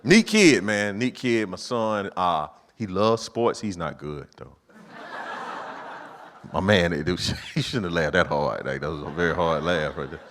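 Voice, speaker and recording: A middle-aged man doing a stand-up set in a church auditorium with a live audience. His voice sits on the low side but swings up sharply when he acts out what he said to his kids. The delivery is animated and full of punchlines. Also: measured pace. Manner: animated storytelling, acting out his own lines in a higher voice. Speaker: stand-up comedian.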